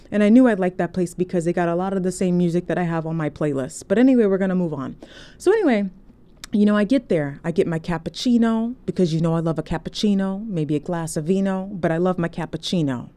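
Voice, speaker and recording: Chatty woman telling a story, mellow voice. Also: fairly low pitch. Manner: chatty, animated, frequent "okay?" asides. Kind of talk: casual storytelling vlog. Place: indoors, recording on a phone. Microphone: phone.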